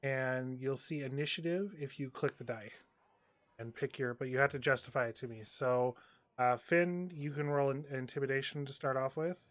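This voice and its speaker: A man's voice: mid-range voice, fairly even intonation, normal speed, no echo. A man running a tabletop role-playing game as game master, talking loosely with lots of fillers. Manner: rambling with many fillers.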